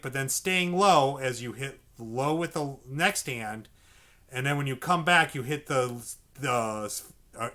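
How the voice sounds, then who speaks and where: A man's voice: a little high, pushed and bright. A man teaching a percussion lesson, patiently explaining a drum pattern and often checking in with "okay?". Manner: patient, repeats "okay?" often, speaks drum syllables aloud. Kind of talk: instructional lesson.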